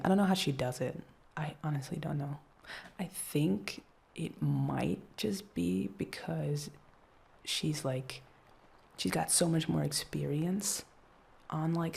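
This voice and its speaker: A woman in a whispered role-play as an anxious actress girlfriend, soft-spoken and rambling, laughing often. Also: low voice, vocal fry, slightly rough.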